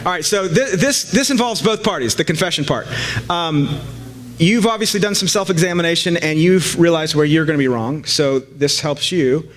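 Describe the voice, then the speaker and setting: A man's voice: fairly high pitch, moderate pace, hardly any pauses, a bit bright. A man preaching a casual sermon to a live congregation, joking and conversational, with frequent fillers and restarts.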